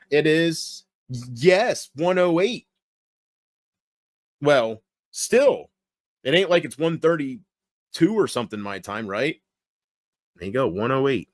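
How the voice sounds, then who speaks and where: Laid-back man rambling to his chat. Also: no room sound. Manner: relaxed, rambling, talks straight to viewers in chat; keeps his voice low on purpose. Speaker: livestreamer. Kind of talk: casual late-night livestream chat.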